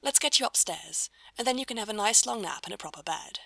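Fussy prim male angel, fretting and exasperated, storybook reading, woman reading the part, gravelly edge, bright tone. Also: mid-range voice, lively intonation, fast talker, dry recording, pitched above the performer's own voice, full character voice. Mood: fussing. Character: fussy, kindly male angel, middle-aged.

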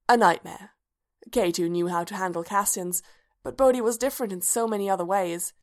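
Woman calmly narrating a story. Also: mid-range voice, fairly quick. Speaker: story reader. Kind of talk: scripted narration.

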